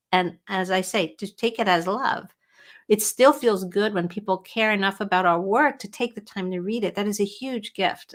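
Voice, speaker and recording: A middle-aged woman hosting a casual livestream from home as a writing coach, talking in a chatty, animated way and answering viewer questions. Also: mid-range voice. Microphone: webcam or computer mic at home.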